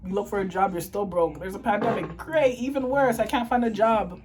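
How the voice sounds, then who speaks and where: A woman's voice: medium pitch, fairly quick, over loud music, rough recording. Young woman vlogging, teary and fired up, ranting hard and cursing. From Toronto, Canada. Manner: impassioned, ranting, swearing. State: tearful. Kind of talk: emotional to-camera monologue.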